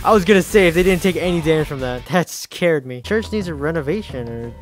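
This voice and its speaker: Let's play host, excitable running commentary, mid-range voice, faint game music behind. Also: mid-range voice, a little fast. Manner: excitable, reacting aloud to the game; swaps curses for mild words like fudge and shoot. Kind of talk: gaming commentary.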